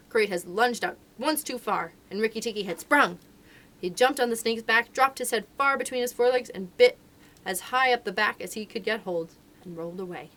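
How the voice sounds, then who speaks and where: A woman, a children's librarian, reading a storybook aloud with expressive, lively narration. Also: mid-range voice.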